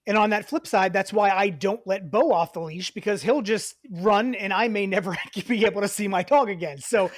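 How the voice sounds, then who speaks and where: A man co-hosting a casual podcast, telling stories in an animated way, swearing and rising in pitch when riled. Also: moderate pace, hardly any pauses, no room sound, clean studio sound. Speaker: podcast co-host.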